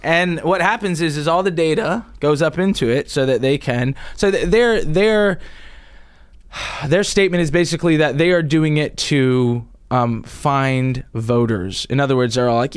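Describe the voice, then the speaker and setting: A man's voice: a little high, normal speed, no echo. A man hosting a casual political commentary show, rambling with many restarts and frequent chuckles. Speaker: show host presenting a topic.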